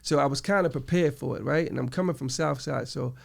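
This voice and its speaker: Middle-aged New York man, very gravelly, animated storyteller in a casual interview. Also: medium pitch, brisk. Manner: animated storytelling, acts out quoted people. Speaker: interview guest.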